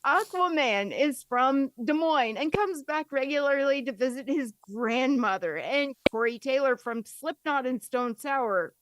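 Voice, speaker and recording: High-voiced woman reading chat comments. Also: expressive, unhurried, hardly any pauses, fairly bright tone, a little hiss or hum. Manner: reads viewer comments aloud, brief and wry. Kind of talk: casual livestream chat.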